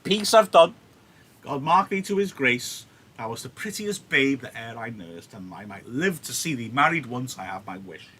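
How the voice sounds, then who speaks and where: A male teacher voicing a garrulous old nurse who laughs and rambles on in a raised, squeaky voice. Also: very animated, moderate pace, pushed and bright, slight background noise. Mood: fond. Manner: chattering, laughing, squeaky high voice.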